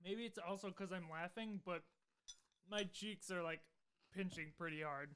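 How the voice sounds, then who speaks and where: Giggly, upbeat co-host voice, mid pitch, casual delivery. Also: moderate pace, fairly bright tone, a little hiss or hum. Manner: giggly, enthusiastic. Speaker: podcast co-host. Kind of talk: casual chat.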